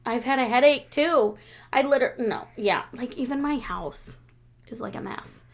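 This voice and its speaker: A young adult woman co-hosting a casual podcast chat, rambling with lots of fillers, dropping quiet and then getting loud. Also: a little high, moderate pace. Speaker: podcast co-host.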